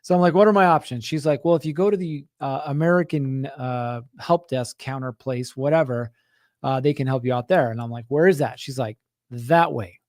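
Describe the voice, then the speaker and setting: Speaking at normal speed with a medium-pitched voice, the Utah-based host of a contractor business show spins a casual, animated story for his audience. He acts out quotes and keeps dropping "right?" asides, in clean studio sound with no room noise.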